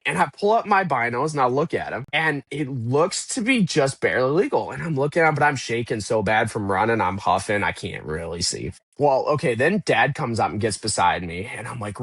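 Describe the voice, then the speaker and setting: Man telling a story with animated energy. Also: medium pitch, fairly quick, hardly any pauses, breathy edge, no echo. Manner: animated, acts out his own past thoughts in quotes. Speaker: podcast guest. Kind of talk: casual storytelling interview.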